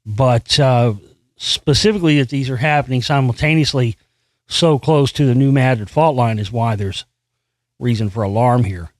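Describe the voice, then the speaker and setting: Recorded with no room sound, a man of medium pitch and moderate pace hosts his own commentary show. After reading a news article out loud, he comments, and his remarks turn into profane, exasperated rants full of false starts.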